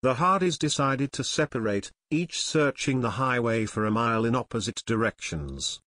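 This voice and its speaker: A man narrating an audiobook in an even, clear storytelling manner. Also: medium pitch, moderate pace, no echo, studio quality. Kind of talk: scripted narration.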